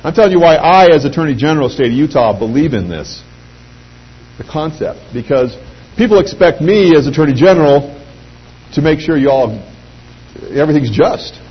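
A middle-aged man giving an anecdotal pitch speech to a live audience, telling lively stories and acting out quoted voices. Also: a little fast, breathy edge. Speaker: speaker addressing a sales audience. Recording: dull lo-fi recording with faint hum.

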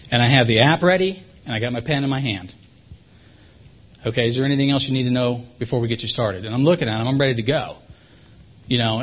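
Brief: male sales trainer, husky and quick, folksy and repetitive, dull lo-fi recording. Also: mid-range voice. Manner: fast, folksy, repeats himself for emphasis.

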